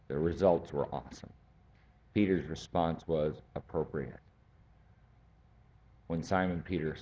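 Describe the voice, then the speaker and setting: Guy teaching a bible class, slow and deliberate, dull lo-fi recording. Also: deep voice, dark tone. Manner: slow, deliberate, rising to emphatic. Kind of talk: Bible study sermon.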